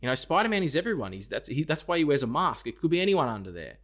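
A man's voice: a little high, quick pace. A man co-hosting a podcast, chatting casually about a film, acting out lines and swearing freely. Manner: animated retelling, acts out lines, swears freely. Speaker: podcast co-host.

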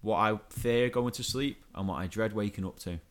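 In a casual comedic rant, this young podcast co-host vents his exasperation and trips over repeated words. He speaks at an ordinary pace with a lowish voice.

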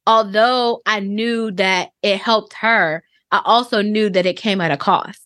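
A woman in her thirties telling a personal story on a podcast, reflective and halting, with many fillers. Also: medium pitch, fairly even intonation, a bit bright, dry recording, clean studio sound.

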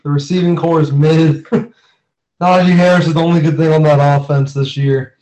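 Young guy cohosting a sports podcast, kinda high voice, slangy and laughing a lot. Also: normal speed, poor audio. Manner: animated, laughs often, slangy. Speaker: podcast co-host. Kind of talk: casual sports chat.

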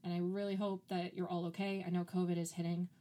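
A woman co-hosting a podcast chats casually and loosely, laughing easily and dropping "like" often. Her voice is lowish and dark, her tone level, and she talks fast.

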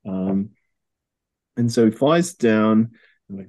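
A man's voice: on the low side, animated, slow pace, a little mellow. A man co-hosting a podcast, rambling through a comic story in casual chat, laughing often and reading quotes aloud. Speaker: podcast co-host.

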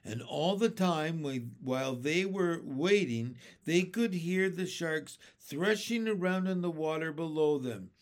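A man reading a children's story aloud, dramatic and expressive. His voice sits a little high and swings with lively animation. He lets each line unfold slowly.

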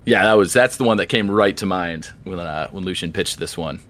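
A young man co-hosting a podcast, telling stories in a casual, animated way and acting out the dialogue. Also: sits low, brisk. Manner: animated storyteller, acts out dialogue. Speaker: podcast co-host. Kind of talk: casual chat.

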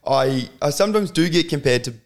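A man's voice: a little high, expressive, a little fast. Laid-back young Australian man. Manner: laid-back, lots of fillers and slang. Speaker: podcast guest. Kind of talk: casual chat.

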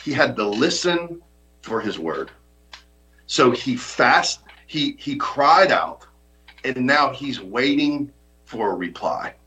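A man's voice: mid-range voice, very animated, slow, pushed and bright, rough recording. A man preaching a sermon as pastor, earnest and emphatic, often repeating his points.

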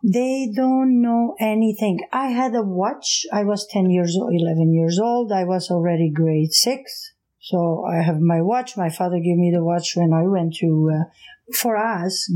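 A middle-aged woman from Portugal with a Portuguese accent, telling her life story as an interview guest in a lively, laughing way. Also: mid-range voice, rough recording. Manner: animated, laughs often, acts out voices. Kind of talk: casual storytelling.

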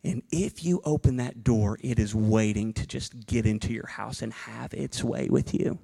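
A man in his thirties preaching a sermon as a pastor, animated and acting out little dialogue bits. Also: mid-range voice, normal speed, gravelly, slightly rough.

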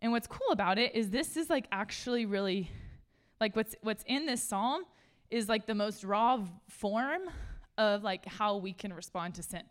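A woman giving a casual, conversational sermon to a room of listeners. She is chatty and animated, laughs often, and says "like" a lot. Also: mid-range voice, moderate pace, clean tone. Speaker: speaker at a church gathering.

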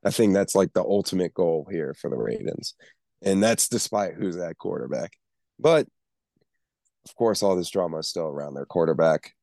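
A man with a low voice talks sports in a loose, rambling way, tripping over his words as he goes. His voice sounds dry and close, with no room around it. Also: expressive, moderate pace, vocal fry, dark tone, no echo. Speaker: podcast co-host. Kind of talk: casual sports chat.

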